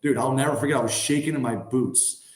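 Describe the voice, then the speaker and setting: Brief: man in his thirties, mid-pitched voice, chatty podcast guest storyteller with a loose, filler-heavy delivery. Roomy echo on the recording. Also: fast talker. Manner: animated, acts out quoted voices, many "like" and "I mean" fillers. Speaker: podcast guest, former hockey player. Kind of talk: casual storytelling.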